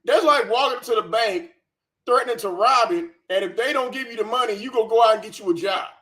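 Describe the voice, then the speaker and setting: A man's voice: very high-pitched, fast, fairly bright tone. A man hosting a reaction commentary, profane, scornful and sarcastic. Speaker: commentary channel host.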